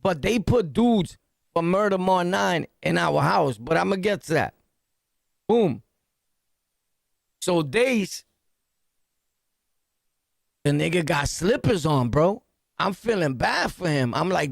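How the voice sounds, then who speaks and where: Podcast host, male, New York accent, high fry-edged voice, slangy animated storyteller. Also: slow pace, long pauses, no echo, clean studio sound. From New York City. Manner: animated, slangy, punchy storytelling with sound-effect words. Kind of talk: storytelling jail anecdote.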